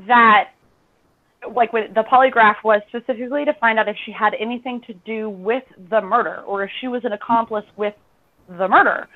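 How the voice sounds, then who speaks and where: Woman, podcast host, casual chat, animated storyteller, fairly high voice, thin phone-line sound. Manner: animated storytelling, voice shooting up when she quotes herself.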